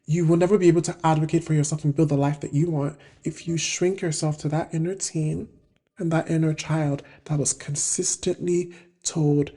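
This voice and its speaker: A woman in her twenties hosting a self-help video, talking through her thoughts in a casual, reflective monologue and often pausing to search for words. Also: low-pitched, steady tone, mellow, slightly rough. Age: 20s.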